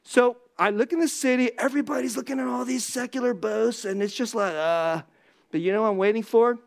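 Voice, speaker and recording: A man preaching a sermon as pastor, intense and laughing often, dropping into low asides and rising to loud bursts. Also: fairly quick, gravelly.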